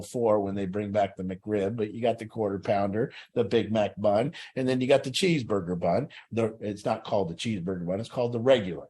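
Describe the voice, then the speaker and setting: A man's voice: mid-range voice, a little mellow. A middle-aged man leading a recovery group, telling a personal story in a blunt, profane way.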